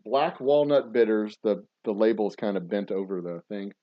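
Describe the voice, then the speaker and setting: A man's voice: lowish voice, expressive, moderate pace, muffled recording. A man hosting a casual chat show while mixing a cocktail, joking and rambling through tall tales with a straight face. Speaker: podcast host and distiller.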